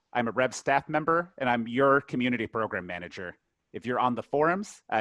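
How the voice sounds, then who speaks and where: A man's voice: medium pitch, a bit bright, dry recording. A man hosting a webinar on a video call, talking in a casual, chatty way with many fillers. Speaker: community program manager, webinar host.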